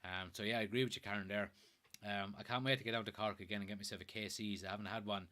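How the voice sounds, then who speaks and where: Bright-voiced Irish man chatting live. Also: on the low side, steady tone, fast. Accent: Irish, from Kilkenny. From Ireland. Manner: chatty, swears casually, laughs easily. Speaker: host of a fan live stream. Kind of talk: casual live-stream chat reading viewer comments.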